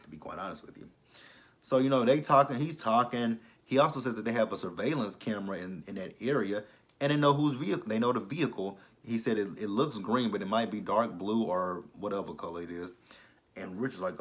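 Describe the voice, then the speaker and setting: A man recapping a TV episode in a casual vlog, blunt and profane, with incredulous asides. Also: lowish voice. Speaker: TV episode reviewer.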